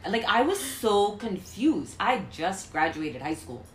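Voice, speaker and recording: A young adult woman recounting a story in casual chat, in a soft-spoken, wry way. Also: mid-range voice, sing-song, takes it slowly, echoey room, a little hiss or hum, rough recording.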